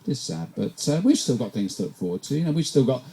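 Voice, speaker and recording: A man's voice: medium pitch, sing-song, fast, mellow. A man from England doing a stand-up set at a pub comedy night, rambling and self-deprecating, often tripping over and repeating his words.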